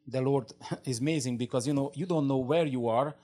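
A man's voice: mid-range voice, fairly quick, warm tone. A man who learned English as a second language, telling a fervent faith testimony as an interview guest, in broken English full of restarts and repeated words. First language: not English.

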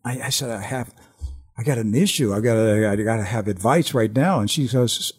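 An older man telling an earnest personal testimony on a Christian talk show, animated and full of restarts. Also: fairly low pitch, normal speed, breathy edge.

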